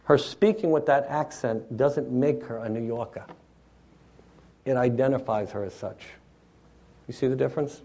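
A man's voice: mid-range voice, normal speed, long pauses, warm tone. Man preaching a teacherly sermon. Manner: teacherly, checks in with the listeners. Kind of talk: expository sermon.

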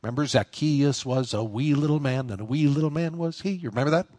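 A male pastor delivers a sermon in a conversational, explanatory tone, lifting his voice when he drives home a point. His voice sits at an ordinary middle pitch. The sound is close and dry, with no room echo. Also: fast talker, a little mellow. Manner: conversational preaching, rising with emphasis.

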